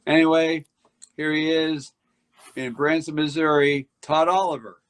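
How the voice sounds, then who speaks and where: A man's voice: a little high, level tone, measured pace, smooth. A man hosting a variety show, bringing on acts with chatty, jokey introductions. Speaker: show host.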